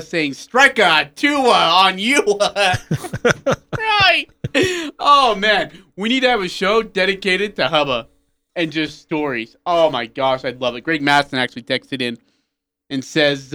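Bright-voiced man on sports radio. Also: a little high, lively intonation, unhurried. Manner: rambling storytelling, laughing at own jokes. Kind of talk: casual sports talk banter. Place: radio studio.

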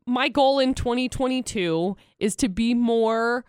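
A woman's voice: on the high side, unhurried, darkish tone, clean tone, dry recording. A woman co-hosting a radio show, bantering playfully and tossing in dry quips.

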